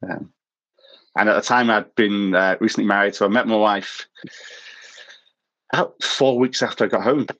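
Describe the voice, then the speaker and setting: A man with a lowish voice talks casually as a podcast guest, working his way through long personal anecdotes. He was born in South Africa and tells his stories with a self-mocking streak, often breaking into a chuckle at his own expense. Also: fairly even intonation, moderate pace, long pauses, fairly bright tone, rough recording. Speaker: podcast guest, former missionary. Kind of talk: casual anecdotal interview talk.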